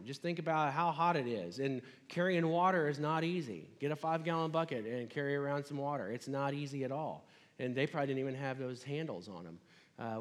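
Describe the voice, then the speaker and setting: A man's voice: on the high side, big-room sound. A man preaching a sermon in a conversational, casual way, retelling a scripture story.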